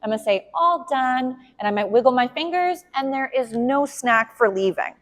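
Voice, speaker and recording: A woman's voice: on the high side, animated, fairly quick. A woman dog trainer explaining a training session in a casual, chatty way, often voicing the dog's thoughts. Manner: chatty, warm-hearted with the dog, voices his thoughts softly. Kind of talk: casual instructional talk.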